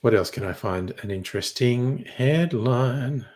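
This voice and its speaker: A man's voice: mid-range voice, lively intonation, unhurried, a little mellow. Sardonic man, casual chat. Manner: crude, sardonic and offhand, swears freely. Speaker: streamer. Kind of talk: casual chat reading headlines.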